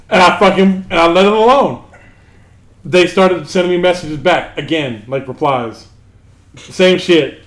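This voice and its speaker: A young man co-hosting a podcast, telling a profane story in animated fashion and quoting others as he goes. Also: high-pitched, a little slow, pauses often, reverberant. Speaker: podcast co-host. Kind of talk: casual storytelling chat.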